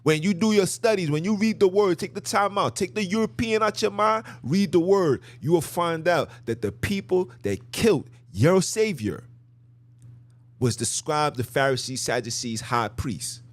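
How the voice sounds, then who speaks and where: A podcast host with a high-sitting, animated voice talks at a moderate pace, walking his listeners through slides. His religious commentary is emphatic and repetitive, delivered in casual slang.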